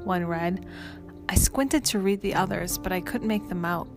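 Woman reading a story in first person, lowish voice, steady, music playing under. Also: moderate pace. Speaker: story narrator. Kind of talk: scripted first-person narration.

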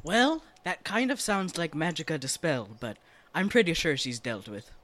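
A man voicing a rich old Scottish cartoon duck, using a put-on Scottish accent and a gruff voice. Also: very animated, moderate pace, fairly bright tone. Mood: confident. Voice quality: gruff, deeper than usual.

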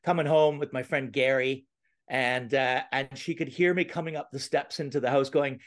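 Halting comedian with a Canadian-Scottish accent. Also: male voice, medium pitch, fairly even intonation. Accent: Canadian with Scottish traces. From Scotland, raised in Canada. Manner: halting, with restarts and stammers. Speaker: comedian guest. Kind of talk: casual interview chat.

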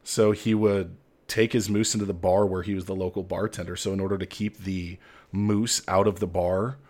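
A man's voice: deep voice, little pitch movement, normal speed, darkish tone. A young adult man hosting a solo comedy podcast, talking in a mock-grandiose, tongue-in-cheek way. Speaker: podcast host.

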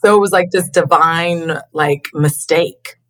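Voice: mid-range voice, unhurried, fairly bright tone, rough recording. A host chatting casually over a video call, talking in a loose, reflective way with many fillers. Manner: conversational, reflective, repeats words. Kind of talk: casual chat.

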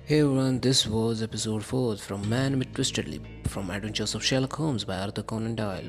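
A man's voice: on the low side, brisk, few pauses, soft background music. A man hosting a podcast, giving a friendly, direct outro announcement. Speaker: podcast host.

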